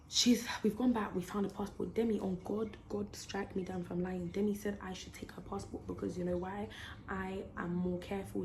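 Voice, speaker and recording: A young woman telling a story on her vlog, slangy and animated, acting out the quotes. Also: medium pitch, noisy background. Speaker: YouTuber.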